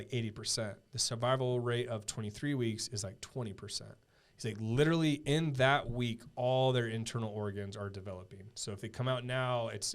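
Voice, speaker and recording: A man in his thirties, a podcast guest telling a personal story in a casual, earnest way, full of halting restarts and fillers. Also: medium pitch.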